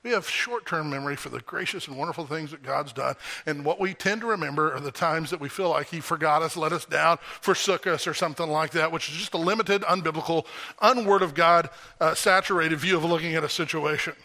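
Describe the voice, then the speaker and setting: A man preaching a lively sermon, his voice bright and forceful and set a little high. He keeps firing rhetorical questions at the congregation and leans hard on each point. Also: fairly quick. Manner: animated, emphatic, full of rhetorical questions. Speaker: pastor. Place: church service.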